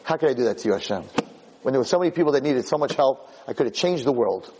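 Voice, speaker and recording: A man who lectures on Jewish themes, delivering an animated, dramatic storytelling sermon. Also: medium pitch, quick pace, slight background noise, rough recording.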